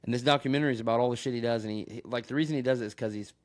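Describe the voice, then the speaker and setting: A man's voice: medium pitch, racing. A man recorded on a phone, rambling through a crude story in casual podcast chat and laughing often. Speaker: podcast co-host.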